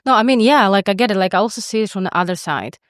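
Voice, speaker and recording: A woman's voice: medium pitch, animated, very fast, no echo, clean studio sound. A woman co-hosting a podcast in casual chat, candid and profane, with lots of filler words. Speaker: podcast co-host.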